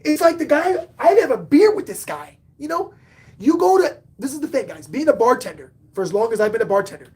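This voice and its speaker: A man hosting a casual live-stream sports talk show, excitable, swinging between loud outbursts and muttered asides. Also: very high-pitched, brisk. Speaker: podcast host and sports fan; bartender.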